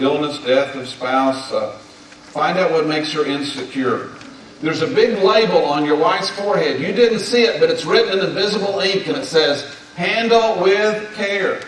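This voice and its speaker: A man's voice: fairly high pitch, a little hiss or hum. A man in his fifties giving a folksy, emphatic sermon on marriage to a gathering of men, leading them in repeating words back to him. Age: 50s. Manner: folksy, emphatic, leads the audience in call-and-response. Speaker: speaker at a men's gathering. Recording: echoey hall, distant mic.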